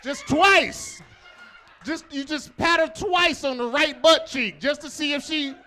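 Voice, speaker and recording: A man doing a loud, profane stand-up set on a comedy club stage, working the crowd. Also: very high voice, a little slow, a little hiss or hum. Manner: loud, animated, profane storytelling with crowd work.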